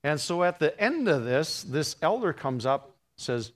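Brief: male preacher, fairly high-pitched voice, hushed storytelling that swells into fervent peaks. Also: very animated, a little slow, few pauses. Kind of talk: storytelling sermon.

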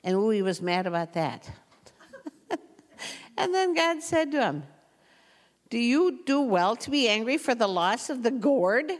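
A woman's voice: fairly high pitch, very animated, a little slow, long pauses. A woman giving an informal, chatty Bible teaching, reading scripture aloud and laughing often as she comments. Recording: long hall reverb.

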